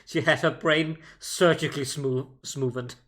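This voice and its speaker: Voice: medium pitch, fairly even intonation, unhurried, fairly bright tone. A streamer reading game lines and cracking goofy jokes with laughing, swearing asides.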